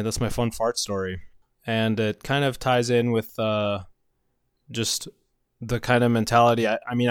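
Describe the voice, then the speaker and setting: A middle-aged man tells a loose, rambling story and keeps breaking into chuckles between phrases. His voice sits a little low and sounds smooth and resonant. It is recorded dry and close, with no room sound around it. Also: dry recording. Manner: rambling, chuckles often mid-sentence. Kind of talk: casual spoken anecdote.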